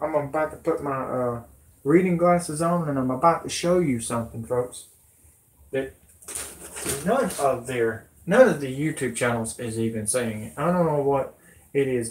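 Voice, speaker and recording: A man's voice: medium pitch, moderate pace, echoey room. A man ranting on his own news vlog, rambling, folksy and cussing. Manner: angry, rambling, folksy, cusses. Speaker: amateur news vlogger.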